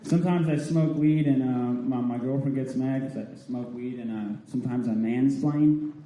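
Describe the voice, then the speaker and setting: A man in his twenties doing a stand-up comedy set in a theatre, telling stoner stories with a laid-back, deadpan delivery. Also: mid-range voice, normal speed, a little hiss or hum. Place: theatre stage with audience. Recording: roomy theatre live recording. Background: audience laughter.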